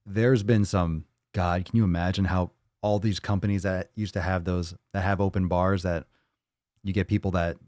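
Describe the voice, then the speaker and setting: A man's voice: low-pitched, steady tone, normal speed, darkish tone, no echo, studio quality. A man hosting a casual livestream, talking bluntly and rambling, swearing freely as he reads and answers viewer comments. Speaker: livestream host.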